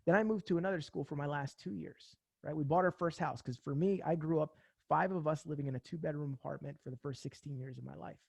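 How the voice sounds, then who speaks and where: Young male sales coach from New Jersey; pumped-up, casual pitch, slight fry, dry recording. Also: fast talker, hardly any pauses, no echo. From central New Jersey. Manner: energetic, casual slang, acts out phone calls. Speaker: sales trainer. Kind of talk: motivational sales talk.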